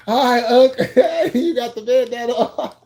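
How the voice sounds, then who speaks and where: A man hosts a casual live stream, laughing almost nonstop as he jokes with viewers in the chat. His talk is loose and profane, full of repeated phrases. His voice has a mellow, darker tone. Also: very high-pitched, slow.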